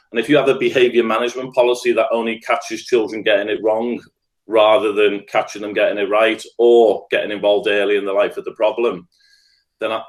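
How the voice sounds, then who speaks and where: A middle-aged man with a Scouse accent, speaking earnestly and thoughtfully as a podcast guest. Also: on the low side. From Liverpool, England. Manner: earnest, thoughtful, builds points in lists. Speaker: guest, restorative practice trainer. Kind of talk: reflective podcast conversation.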